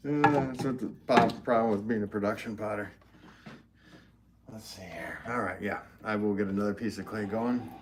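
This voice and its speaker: Male potter, very low voice, rambling live-stream host chatting to his viewers over faint ambient noise. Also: unhurried, pauses often. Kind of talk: casual live-stream chat while working at the wheel. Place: pottery studio at the wheel.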